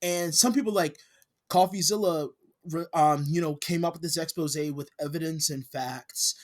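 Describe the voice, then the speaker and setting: A man's voice: a little high, normal speed. A man co-hosting a podcast, chatting casually and ranting, getting heated and profane. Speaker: podcast co-host. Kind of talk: casual chat.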